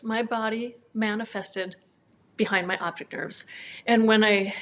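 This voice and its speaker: A woman's voice: mid-range voice, a little slow. Heartfelt woman telling a personal story. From northern Minnesota, USA. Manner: animated storytelling, acting out quoted dialogue. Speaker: guest, chiropractor.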